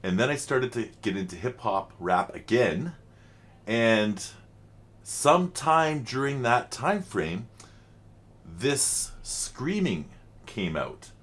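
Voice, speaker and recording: A man's voice: medium pitch, very animated, takes it slowly, a bit bright. Middle aged guy rambling on a reaction vlog, lots of like and you know, voice goes way up and down. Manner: rambling, chatty, frequent fillers. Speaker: channel host reacting to music.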